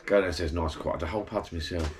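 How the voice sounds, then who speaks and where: Man in his 40s, very deep voice, meandering chatty storyteller, garden bar shed. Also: racing. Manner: chatty, meandering, blokey storytelling with self-corrections. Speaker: vlogger. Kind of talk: rambling anecdotal monologue to camera.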